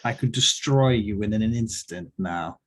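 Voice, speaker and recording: A man's voice: lowish voice, measured pace. A man voicing a haughty drow woman leader. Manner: haughty and threatening. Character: cold scheming female drow leader.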